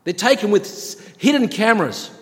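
A man with a high-pitched voice preaches a sermon, stacking repeated phrases as his intensity climbs. The sound carries a long hall reverb, as in a church sanctuary. His delivery is earnest and insistent. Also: big pitch swings, a little fast, fairly bright tone.

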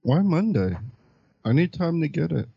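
A man's voice: on the high side, very animated, moderate pace, vocal fry, husky, no room sound. A man on a casual movie podcast, stubborn and wry in his jabs. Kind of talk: casual chat about movies. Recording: dull lo-fi sound.

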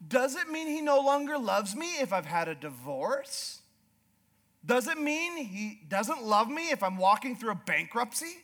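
A man preaching a sermon as pastor, retelling scripture in a hushed voice and building to loud, fervent declarations, often repeating words as he restarts. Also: very high-pitched, big pitch swings, unhurried.

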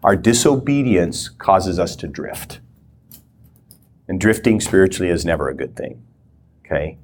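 A man's voice: low-pitched, sing-song, measured pace, a little hiss or hum. A man giving a conversational teaching talk, often acting out short prayers and inner thoughts. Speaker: guest teacher.

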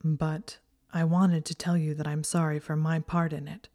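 A woman voicing a guarded young wizard who apologizes quietly and intensely, often under his breath. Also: low-pitched, level tone, moderate pace, natural voice.

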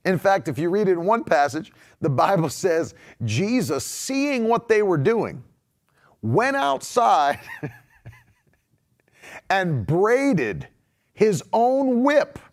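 Lively, emphatic male preacher. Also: sits high, slow, long pauses. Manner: emphatic, drawing out key words, laughing asides. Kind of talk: livestream sermon reading comments.

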